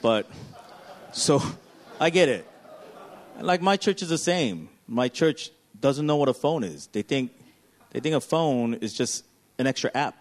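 A man, a pastor, preaching an animated sermon that swings from loud, emphatic passages to hushed, quiet ones. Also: medium pitch, measured pace, long pauses.

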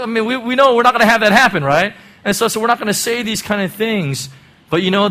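Middle-aged guy preaching, kinda high voice, chatty, lots of "right?" and "you know". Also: bright, forceful tone. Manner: conversational, frequent "right?" and "you know" asides. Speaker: pastor. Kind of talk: sermon.

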